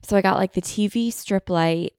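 A woman's voice: medium pitch, normal speed, a little mellow, smooth, dry recording, studio quality. A young woman hosting a casual chat podcast from her apartment, rambling and chatty with a morning voice. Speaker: podcast host.

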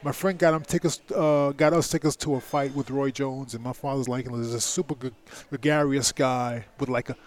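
Brisk and barely pausing, this man speaks in a medium-pitched voice with fairly even intonation. He's a middle-aged ex-heavyweight champion guesting on a podcast, sharing a personal tale with lots of swearing, filler words, and emphasis.

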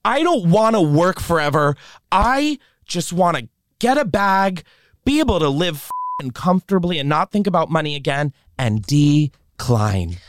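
A man's voice: fairly high pitch, unhurried. A young man hosting a podcast, chatting and gossiping in a sassy, joking way and often cutting in. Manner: animated, sassy, interrupts and jokes. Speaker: podcast host. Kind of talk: casual gossip chat.

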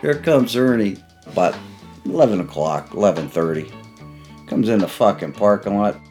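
A man's voice: on the low side, animated, normal speed, darkish tone, faint music behind. An older man recounting his days with the mob in a profane, storytelling way, acting out the voices of the people in his stories. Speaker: interviewee, former mob associate.

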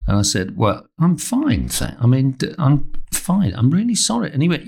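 A man's voice: fairly high pitch, sing-song, moderate pace, gravelly, hardly any pauses, a little mellow, husky. A man, a comedian guest on a talk show, telling comic anecdotes and acting out both sides of the dialogue.

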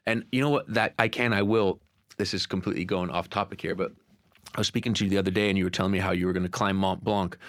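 Deep-voiced man telling an earnest story. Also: fairly even intonation, quick pace, a bit bright. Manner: earnest, emphatic, repeats phrases for effect. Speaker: podcast guest. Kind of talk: candid storytelling.

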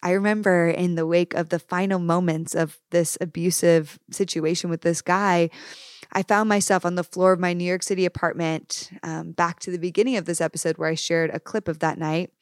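A woman's voice: lowish voice, little pitch movement, normal speed, clean tone, dry recording, clean studio sound. A young woman hosting a solo podcast, speaking earnestly and emphatically, addressing her listeners directly. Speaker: podcast host. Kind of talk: candid solo podcast talk.

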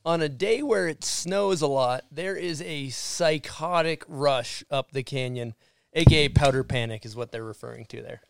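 A male podcast host with a fairly high, gravelly voice that still sounds smooth and resonant. He talks in a relaxed, chatty way, and the sound is dry and close. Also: moderate pace, no echo. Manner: relaxed, conversational. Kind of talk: casual podcast interview and sponsor read.

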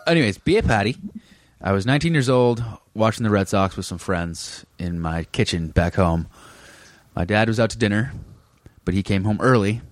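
A man's voice: on the low side, animated, normal speed, dry recording. A young man from Massachusetts, a guest comedian telling stories in a laid-back way and laughing often. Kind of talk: casual chat.

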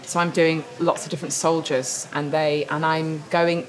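A woman actor as a guest at a restaurant lunch interview, telling stories in a lively, laughing way. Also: deep voice, normal speed, low-quality recording. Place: restaurant table.

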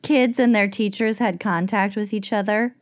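A woman podcast co-host chatting breezily, with quick laughing asides. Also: medium pitch, fairly even intonation, no room sound, clean studio sound. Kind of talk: casual sponsor read and banter. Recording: music playing clearly behind.

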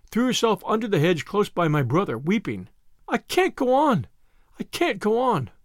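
A man reading a classic novel aloud as a dramatic, expressive audiobook narrator. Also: high voice, dry recording, studio quality. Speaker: audiobook reader.

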